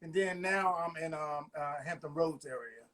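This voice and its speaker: A man's voice: on the high side, normal speed. A man in his forties from Virginia, a guest telling playful stories in a casual interview over a video call. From Virginia, USA. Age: 40s. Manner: playful, animated storyteller.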